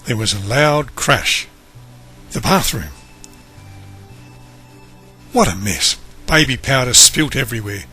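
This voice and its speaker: A man reads a children's story aloud, expressive and animated, his voice rising and falling with every turn. The tone is bright and clear, at an ordinary pitch. Soft music plays faintly behind him. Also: slow, long pauses. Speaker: storybook reader.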